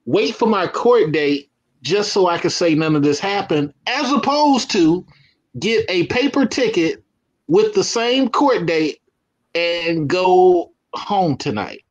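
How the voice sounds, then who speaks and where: A man giving casual reaction commentary with a slow, drawn-out delivery. His voice sits a little high for a man, and his tone is mocking. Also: expressive, highs cut off.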